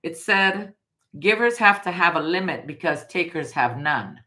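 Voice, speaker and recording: This middle-aged Guyanese card reader has a fairly low, bright voice with a forceful tone, animated yet unhurried. She chats casually and emphatically through a spiritual reading and stories, often repeating phrases.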